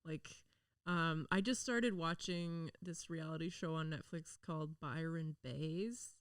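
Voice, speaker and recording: A chatty woman hosting a podcast, with a voice sitting a little low for a woman. She laughs often and slips into quick voices when she quotes people. The sound is dry and a bit distant from the mic. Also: clean tone, no room sound. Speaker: podcast host. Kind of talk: casual chat.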